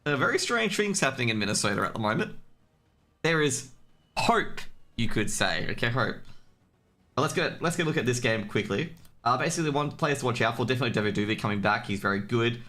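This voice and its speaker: Bright-voiced Australian man casting. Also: medium pitch, lively intonation, quick pace. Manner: chatty, rambling, jokey. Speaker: esports caster. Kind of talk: casual solo stream commentary.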